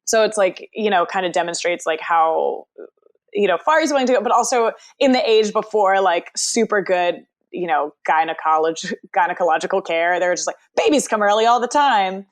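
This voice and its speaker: A woman's voice: fairly low pitch, moderate pace. A woman co-hosting a podcast who recaps TV episodes in casual chat and acts out quotes from the scenes. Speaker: podcast co-host.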